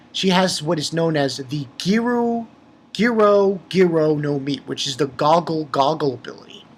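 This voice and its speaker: A man casually recapping a manga chapter for his channel, rambling and excitable, with lots of fillers and restarts. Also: a little high, a little hiss or hum. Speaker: manga review channel host.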